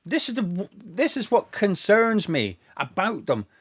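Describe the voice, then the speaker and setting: A man's voice: high voice, unhurried, slightly rough. A young man, hosting a football fan show and ranting sarcastically about his club's owners. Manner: sarcastic, mocking, animated rant with mock quotes. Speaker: football fan podcast host.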